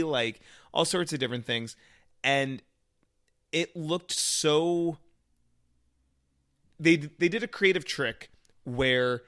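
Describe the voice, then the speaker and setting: A man with an ordinary mid-range voice chats about a film as a co-host. He gets animated, acting out excited reactions in quick asides as he makes his points. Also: mid-range voice, no room sound, clean studio sound. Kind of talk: casual movie review chat.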